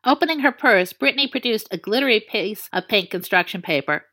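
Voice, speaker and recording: Woman, story narrator, playful expressive reading, bright tone, lively pitch. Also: fairly quick.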